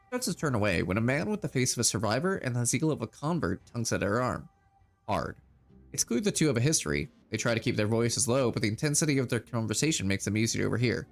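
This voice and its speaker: A man's voice: medium pitch, very animated, quick pace, gravelly, soft background music. A man streaming a video game, reading its text aloud and chatting casually between choices. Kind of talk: let's-play narration and chat.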